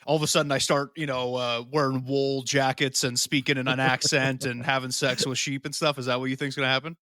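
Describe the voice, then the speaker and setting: A man's voice: medium pitch, level tone, brisk, bright, forceful tone, dry recording, studio quality. A man co-hosting a podcast in casual chat, brash and full of crude jokes. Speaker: podcast co-host.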